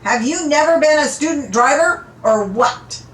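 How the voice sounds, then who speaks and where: A woman's voice: medium pitch, animated, takes it slowly, a bit bright. A woman reading aloud and voicing a grumpy, blunt older man with curt retorts, in an echoey room. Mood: furious.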